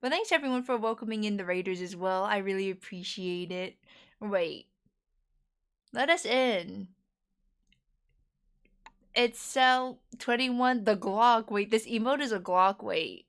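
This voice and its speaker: A woman's voice: mid-range voice, measured pace, pauses often, fairly bright tone. Young American woman streamer, giggly and talkative, casual chat. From United States. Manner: chatty, giggly, rambling.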